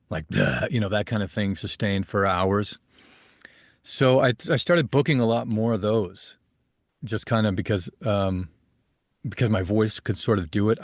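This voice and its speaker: A young adult man, a voice actor, chatting in a relaxed, rambling way as an interview guest. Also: fairly low pitch, dry recording, studio quality. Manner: relaxed, rambling, laughs easily. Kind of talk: casual interview chat. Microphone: home studio mic.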